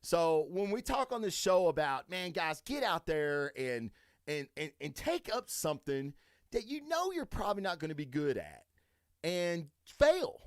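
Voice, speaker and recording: A man hosting a solo podcast in a casual, profane rant that swings from low mutters to loud, high, emphatic bursts. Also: sing-song, measured pace, dry recording, clean studio sound. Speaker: podcast host.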